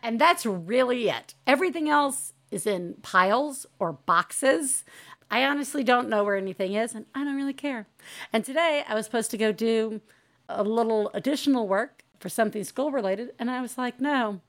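A woman's voice: fairly high pitch, expressive, moderate pace, fairly bright tone. A woman hosting a podcast in casual chat, talking candidly and animatedly and swearing freely. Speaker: podcast host.

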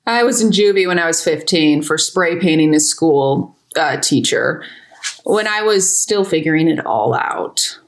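A woman's voice: deep voice, lively intonation, measured pace. An actress at a table read playing a frank young woman housemate, speaking matter-of-factly. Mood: candid. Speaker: actor in a script table read.

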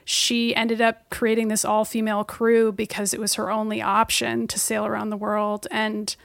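A woman's voice: mid-range voice, monotone, normal speed, creaky, dry recording, studio quality. A woman co-hosting a podcast, telling a story casually and enthusiastically. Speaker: podcast co-host. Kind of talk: casual chat.

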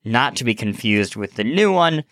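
A man with a sore throat hosting a casual podcast chat, animated and laughing, often restarting his sentences. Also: mid-range voice, normal speed, no room sound, studio quality. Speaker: podcast host.

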